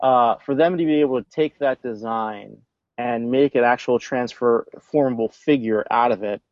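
A man on a podcast in casual chat, speaking fondly and enthusiastically with halting pauses. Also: mid-range voice, dry recording. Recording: dry muffled audio.

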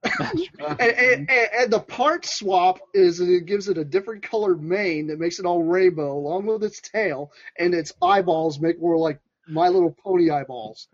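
A man co-hosting a casual toy chat, giggly and excitable, stammering as he gets going. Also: high-pitched, moderate pace, breathy edge, no echo, dull audio. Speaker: podcast co-host.

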